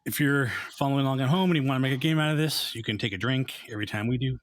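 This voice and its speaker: A man hosts a podcast with a relaxed, easygoing manner. His voice sits at an ordinary middle pitch. He jokes lightly as he moves the show along. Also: very fast, no room sound. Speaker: podcast host. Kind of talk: casual chat.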